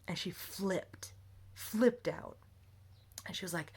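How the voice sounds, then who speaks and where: A woman's voice: mid-range voice, expressive, moderate pace, a bit bright. Heated, swearing young woman venting. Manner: heated, rambling, swears freely. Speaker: vlogger. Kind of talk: emotional venting monologue. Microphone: phone camera.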